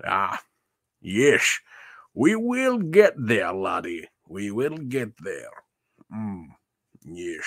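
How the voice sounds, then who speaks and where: A man doing a slow, grand Scottish film-star voice. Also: on the low side, sing-song, creaky, fairly bright tone, no room sound, studio quality, full character voice. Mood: mock-grand. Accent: Scottish, put on. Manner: mock-grand, teasing the audience.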